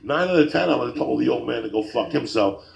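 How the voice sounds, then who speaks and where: A man hosting a podcast, telling a profane story in a casual, animated way, mumbling one moment and yelling the next. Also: mid-range voice, quick pace, gravelly, reverberant, poor audio. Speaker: podcast host.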